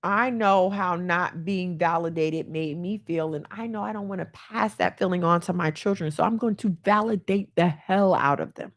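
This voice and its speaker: A woman's voice: medium pitch, lively intonation, a little slow. A woman giving heartfelt self-help advice as a mother, speaking earnestly and acting out the voices she quotes. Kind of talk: candid self-help monologue.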